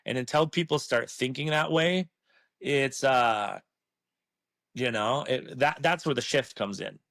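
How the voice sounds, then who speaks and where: A man's voice: medium pitch, a little slow, gravelly, fairly bright tone, no room sound. An earnest man speaks with passion as an interview guest, pressing his points and swearing freely. His voice sits mid-range and the recording is dry and close, with no room sound. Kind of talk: passionate casual talk.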